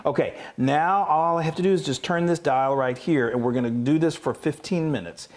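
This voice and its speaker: A man's voice: a little high, normal speed. A man co-hosting a casual cooking show, gushing with enthusiasm as he demonstrates an appliance. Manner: enthusiastic, gushing, restarts often. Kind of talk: casual product demo chat.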